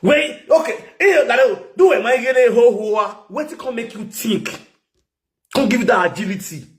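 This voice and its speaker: A man talking in a rambling, casual monologue, swinging between low muttering and loud exclaiming. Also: lively intonation, moderate pace. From Nigeria. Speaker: social media personality.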